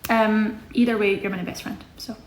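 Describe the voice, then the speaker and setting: A woman's voice: medium pitch, fairly even intonation, moderate pace, a little hiss or hum. A woman in her twenties from Scotland, chatting casually on a livestream as host, rambling and correcting herself as she reads comments. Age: 20s. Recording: echoey room.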